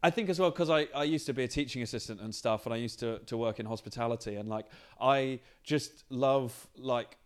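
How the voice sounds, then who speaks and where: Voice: mid-range voice, a little fast, hardly any pauses, clean tone. A non-binary comedian, a podcast guest in casual chat, talking thoughtfully with frequent restarts in a backstage green room. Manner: thoughtful, searching, many restarts.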